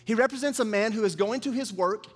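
A man's voice: high-pitched, fast talker, husky. A man preaching a sermon as pastor, speaking to the congregation and prompting it to answer back. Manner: call-and-response preaching with the congregation. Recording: reverberant church hall.

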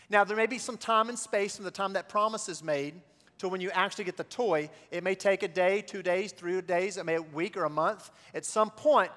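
A man's voice: high voice, a bit bright, in a large hall. A man preaching a sermon as pastor, building to call-and-response refrains.

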